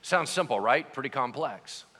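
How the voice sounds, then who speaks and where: Lively, questioning sermon delivery from a male pastor, with a bright, ringing voice that swoops up and down. He speaks from a church hall, and a long reverb hangs after every phrase. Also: mid-range voice, normal speed. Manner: animated, conversational preaching, asks the congregation questions.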